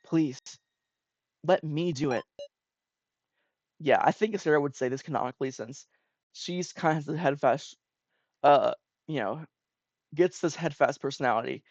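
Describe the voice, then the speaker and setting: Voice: medium pitch, moderate pace, dry recording. A streamer casually chatting and rambling in asides while reading game dialogue aloud. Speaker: let's-play streamer. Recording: dull lo-fi recording.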